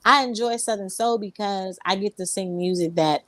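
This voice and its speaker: A woman's voice: mid-range voice, normal speed, a bit bright, no room sound. A woman singer, a guest in an interview, telling her story in a rambling way, full of ums and restarts. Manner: rambling, many fillers and restarts. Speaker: Southern soul singer, guest.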